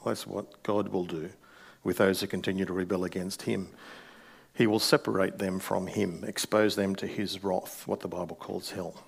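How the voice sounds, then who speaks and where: A middle-aged man preaches a sermon from the pulpit in an easy, conversational way. His voice sits on the low side, and he slips in wry asides between points. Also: level tone, normal speed, vocal fry, slightly rough. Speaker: pastor.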